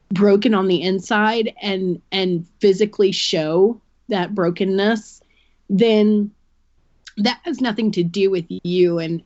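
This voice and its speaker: A woman's voice: medium pitch, a little mellow, dry recording, dull audio. A woman guest on a podcast, giving a candid personal account and explaining things earnestly through long analogies.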